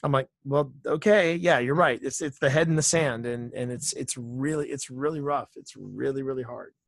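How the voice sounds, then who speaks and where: Man, interview guest, casual storyteller, repeats himself for emphasis, average pitch, dry recording. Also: moderate pace, vocal fry, dry recording. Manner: anecdotal, repeats phrases for emphasis. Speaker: author and entertainer guest.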